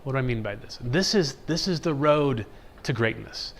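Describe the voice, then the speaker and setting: Man, mid-range voice, casual catechism teacher, animated and chatty. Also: mid-range voice, normal speed. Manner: animated, keeps asking "right?"; acts out everyday reactions in quotes. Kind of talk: conversational religious class lecture.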